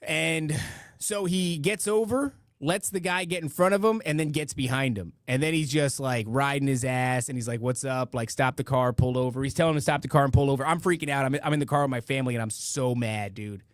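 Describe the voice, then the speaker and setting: In studio-quality audio with no room sound, a middle-aged podcast host speaks fairly quickly in a mid-range voice. He reads donations and chat on his live stream, chatting loosely and wandering through stories full of restarts and side comments.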